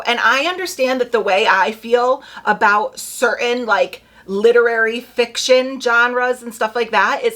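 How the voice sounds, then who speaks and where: A young woman chatting casually to camera about book picks, full of quick asides and "like". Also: fairly high pitch, fairly bright tone. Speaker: booktube creator.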